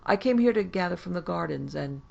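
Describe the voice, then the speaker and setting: A woman voicing a gaunt, sinister gentleman sorcerer who speaks in a well-bred, superior way with a faint foreign accent. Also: fairly low pitch, expressive, a little fast, vocal fry, highs cut off, exaggerated voice. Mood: scornful.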